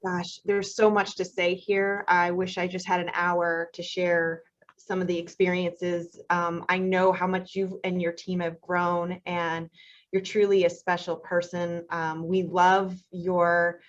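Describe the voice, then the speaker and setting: A woman's voice: on the low side, flat delivery, measured pace. Emotional woman host on muffled audio. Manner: emotional, warm praise. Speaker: event host. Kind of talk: hosting a graduation ceremony.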